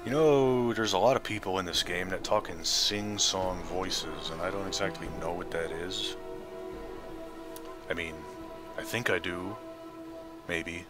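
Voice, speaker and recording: Hosting a let's play, a man reads game text aloud and drops dry, offhand asides between passages. His deep voice is steady and measured, with frequent pauses, over faint game music.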